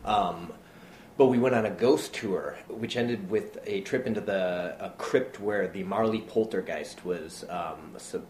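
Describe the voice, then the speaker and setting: Male storyteller, lowish voice, casual and rambling, roomy room tone with light hiss. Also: unhurried. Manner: animated anecdote-teller, many fillers, acts out quotes. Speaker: playwright and actor, guest. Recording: roomy with faint background noise.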